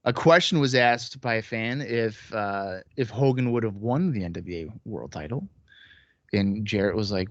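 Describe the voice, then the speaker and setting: Podcast dude, blunt and sweary, dull dry lo-fi sound. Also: male voice, mid-range voice, lively intonation, normal speed, no echo. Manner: blunt, swears, jokey rants. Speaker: podcast co-host. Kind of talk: casual chat.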